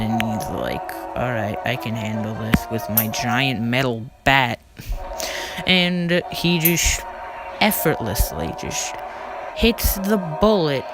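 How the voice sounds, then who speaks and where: A casual game-video narrator talks in a loose, rambling way, stumbling and restarting mid-sentence as the recap runs on. The voice sits at a middle pitch. Clear background music plays under the voice-over. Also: poor audio.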